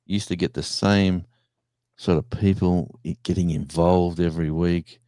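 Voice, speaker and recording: Live-stream host, man, deep and dry close-mic sound, loose chatty anecdotes. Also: fairly even intonation, normal speed, mellow, dry recording. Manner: rambling storyteller, acts out voices in anecdotes, chuckles. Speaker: former radio presenter, show host. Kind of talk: casual live-stream chat.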